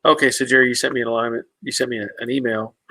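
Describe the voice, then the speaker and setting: A man's voice: medium pitch, fairly even intonation, fast talker, vocal fry, sharp tone, dry recording, low-quality recording. A man hosting a casual live stream, answering viewers' comments in an easygoing, rambling way with many fillers and restarts.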